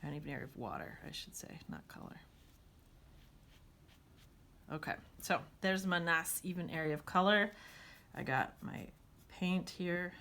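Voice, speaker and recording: A woman's voice: on the low side, moderate pace, gravelly, fairly bright tone, slight background noise. A woman teaching a watercolor demonstration, chatting and thinking aloud as she paints.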